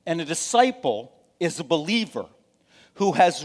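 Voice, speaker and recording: A male pastor preaching a sermon in a conversational way. He often checks in with the congregation and swings from loud emphasis down to soft, near-whispered asides. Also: fairly high pitch, very animated, normal speed. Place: church sanctuary. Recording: long hall reverb.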